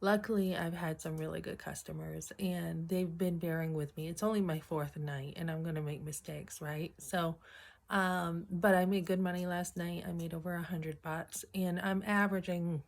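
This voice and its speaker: A middle-aged woman talks casually to her camera, retelling a funny workday with lively acted-out quotes. Her voice sits a little low for a woman. She clears her throat often as she chats along. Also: moderate pace. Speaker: vlogger. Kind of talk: casual storytelling.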